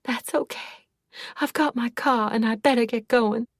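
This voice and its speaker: A woman's voice: a little high, measured pace, no echo, studio quality, pitched above the performer's own voice. A woman voicing a shaken, defensive woman who stammers and rises into screaming, on a storybook reading. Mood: curt. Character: distraught middle-aged woman, shaken and defensive.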